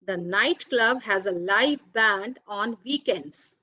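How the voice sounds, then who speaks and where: Woman teacher going thru word meanings real slow, kinda muffled lo-fi voice-over. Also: medium pitch, lively intonation, bright, forceful tone, no room sound. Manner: careful, deliberate, reads out word meanings one by one. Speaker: English teacher. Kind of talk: slow explanatory grammar lesson.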